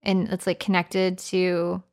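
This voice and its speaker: A woman's voice: fairly low pitch, monotone, slow pace, darkish tone. Playful Canadian woman chatting. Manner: chatty, playful, slips into joking accent impressions. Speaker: podcast co-host. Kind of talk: casual chat.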